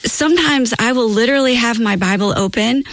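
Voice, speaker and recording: A woman's voice: on the high side, brisk, dry recording. A middle-aged woman, a guest author, talking earnestly and telling stories about her faith on a talk show. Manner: earnest storytelling, quotes her own prayers. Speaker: guest author of Bible studies.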